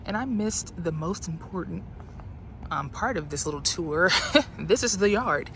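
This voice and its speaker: A woman's voice: fairly low pitch, animated, unhurried, noisy background. A young woman in her twenties, a doctoral student vlogging in a casual, upbeat way to her phone camera while walking outdoors on campus. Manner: chatty and upbeat, talking to the camera. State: out of breath from walking. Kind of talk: casual vlog chat.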